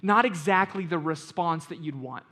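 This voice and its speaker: Pastor guy preaching, kinda high voice, chatty then gets loud and punchy. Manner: conversational preaching, building to loud emphatic stretches; reads scripture slowly and quietly. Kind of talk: sermon.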